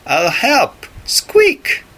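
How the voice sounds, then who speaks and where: A man voicing a tiny, eager mouse in a storybook read-aloud for learners, squeaking high as it offers its help. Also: huge pitch swings, extremely slow, pushed and bright, exaggerated voice.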